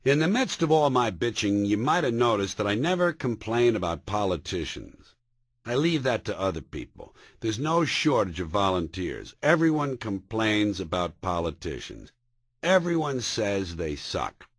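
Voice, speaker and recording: A man from the United States doing a stand-up comedy routine, sardonic and profane, with sharp comic timing. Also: fairly low pitch, very animated, normal speed, no echo.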